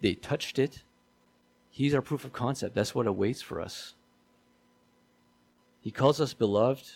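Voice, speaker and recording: A man's voice: medium pitch, unhurried, gravelly, a little mellow, breathy edge. A man preaching a sermon in a conversational way, often repeating himself and asking his listeners questions.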